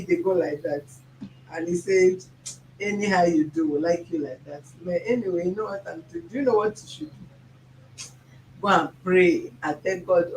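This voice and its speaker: A Nigerian-accented host talks casually to viewers, joking and slipping into pidgin. The voice sits at a middle pitch and rings a little in an echoey room. A faint hum of background sound runs underneath. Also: far from the mic. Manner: jokey, animated, mixing in pidgin.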